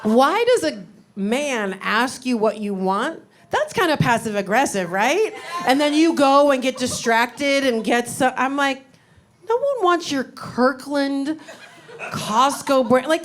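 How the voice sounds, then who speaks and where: A woman's voice: high-pitched, very animated, unhurried. Wry middle-aged woman doing stand-up. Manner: wry, rambling, with sudden indignant outbursts. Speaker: stand-up comedian. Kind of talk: stand-up comedy set. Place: comedy club stage. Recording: live club recording with audience noise.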